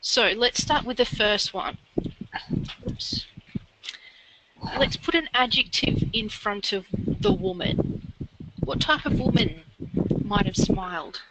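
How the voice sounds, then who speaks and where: A woman's voice: fairly high pitch, animated, slow pace, creaky, long pauses, heavy background noise. A woman tutoring a learner in literacy, explaining grammar step by step and encouraging them. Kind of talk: one-on-one literacy lesson.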